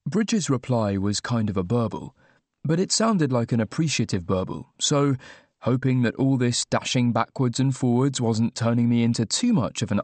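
A man's voice: mid-range voice, darkish tone, dry recording. A young man narrating an audiobook in the first person, wry and dryly humorous. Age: young adult. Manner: wry, dry humour.

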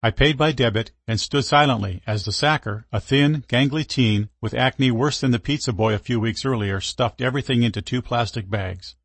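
A man reading a first-person story aloud in steady scripted narration. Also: medium pitch, moderate pace, gravelly, few pauses, husky, no room sound.

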